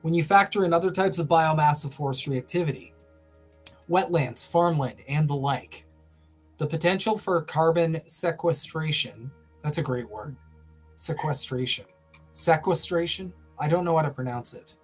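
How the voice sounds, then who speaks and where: A man's voice: on the high side, normal speed, faint music behind. A man hosting a livestream, reading an article aloud and breaking off into wry, sarcastic asides. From Canada. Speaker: host.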